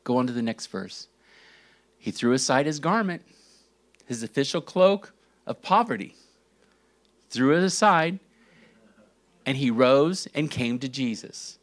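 A man preaching a sermon, reading scripture verses and asking rhetorical questions, with big dramatic swings in pitch and volume. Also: lively intonation, measured pace, pauses often. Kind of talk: sermon teaching.

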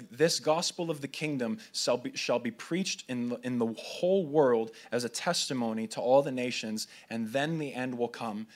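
Guy preaching at a church gathering, reads scripture out loud, stumbles and restarts now and then. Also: medium pitch. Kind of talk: sermon.

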